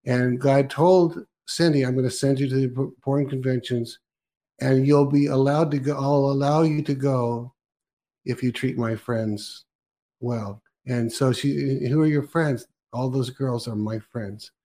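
A man hosting a relaxed talk show, sounding conversational and easygoing. He recaps stories and chats along with his guest in an everyday voice. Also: mid-range voice, a little slow. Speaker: host. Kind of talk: casual chat.

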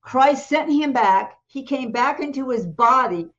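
A woman co-hosting a talk show, retelling a testimony in a lively way and acting out the voices in it. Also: sits high, a little slow, dull audio. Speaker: co-host. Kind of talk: animated testimony storytelling.

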